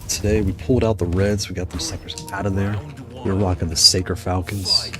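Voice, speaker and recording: A gaming streamer with a low-pitched, fairly flat voice comments casually on his fighting game matches over music. He trash-talks opponents playfully, then quickly apologizes.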